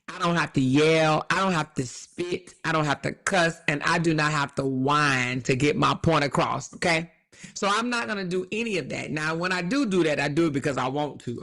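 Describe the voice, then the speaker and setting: A woman's voice: low-pitched, a bit bright. A woman hosts a casual livestream in an emphatic, repetitive way. She laughs often and drags out her words to hammer home each point. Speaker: livestream commentary host.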